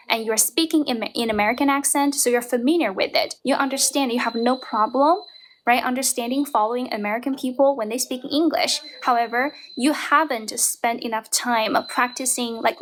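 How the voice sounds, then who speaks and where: Speaking from a room in her grandmother's house, a woman whose first language is Mandarin Chinese coaches a caller during a livestream chat. Her voice is high and fairly bright, with a Chinese accent, and she stays encouraging, often using tag questions.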